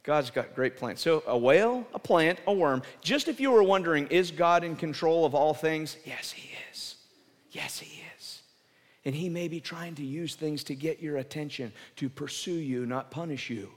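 A pastor giving a sermon, telling the story with animation and dropping to soft, intense emphasis. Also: male voice, a little high, normal speed, hardly any pauses. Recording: reverberant hall.

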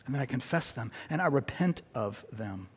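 A man's voice: medium pitch, lively intonation, normal speed, breathy edge. A man preaching an Easter sermon as a pastor, conversational and self-deprecating with humor. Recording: dull audio in a reverberant hall.

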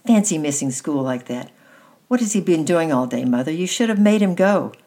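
A woman voicing a sharp-tongued older sister in a storybook, speaking in a loud, scolding way, higher than her own voice. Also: normal speed, slightly rough.

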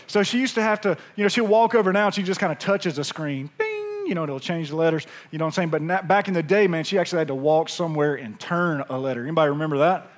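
A man preaching a sermon as a pastor, talking in a loose, conversational way and often checking in with the congregation as he tells a story. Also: fairly high pitch. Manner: conversational, animated storytelling with frequent asides to the congregation. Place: church sanctuary.

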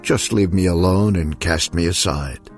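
A man's voice: deep voice, measured pace, soft background music. A man voicing a small, frightened, self-pitying male donkey who pleads in rhyming verse. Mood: fearful pleading.

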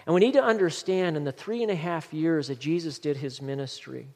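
Male pastor, emphatic sermon delivery, a touch high-pitched, recorded with long reverb in a church sanctuary. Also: brisk, darkish tone. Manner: earnest, emphatic preaching with scripture reading.

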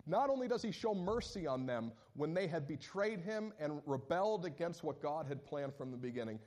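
Man preaching a lively sermon. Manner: animated, rising to high emphatic questions; reads scripture aloud slowly and deliberately. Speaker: pastor.

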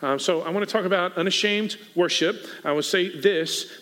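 A man preaches to his congregation in a relaxed, conversational way, dropping joking asides. His voice is bright and a little high. The sound rings with the long reverb of a church hall. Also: moderate pace, few pauses. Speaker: pastor. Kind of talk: sermon. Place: church sanctuary.

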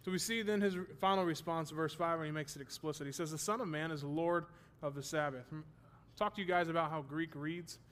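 A man's voice: a little high, fairly even intonation, quick pace, fairly bright tone. A man teaching a Bible study class, explaining terms and checking that his students follow, with the odd self-deprecating joke.

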